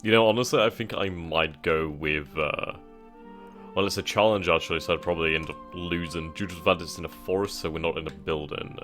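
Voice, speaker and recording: Deep-voiced man thinking out loud. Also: steady tone, brisk, soft background music. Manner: reads on-screen text aloud, thinks out loud with hesitations. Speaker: gaming channel host. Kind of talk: casual let's-play commentary.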